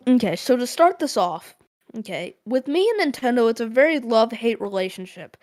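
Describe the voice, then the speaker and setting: A young woman co-hosting a podcast, ranting in a casual chat full of fillers and laughs. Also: a little high. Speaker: podcast co-host.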